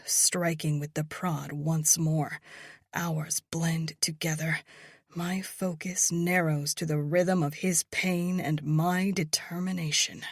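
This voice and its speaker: A woman reads a first-person romance audiobook in a low, husky voice. She takes her time, keeping much of it hushed and breathy, close to a whisper. The sound is close and dry. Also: fairly even intonation, slow pace, no echo. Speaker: audiobook narrator.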